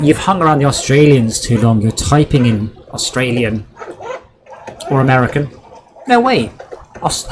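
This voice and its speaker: A man's voice: mid-range voice, noisy background. A man with a broad Devon accent, chatting and joking while he streams a game, drifting off onto tangents. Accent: West Country, Devon. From Devon, England. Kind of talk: casual chat while playing a game.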